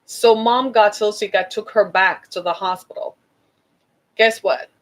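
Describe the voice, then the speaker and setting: A woman's voice: mid-range voice, steady tone, unhurried, rough recording. A woman giving an impassioned talk to an audience, urgent and exhorting, repeating her points for emphasis. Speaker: speaker addressing an audience.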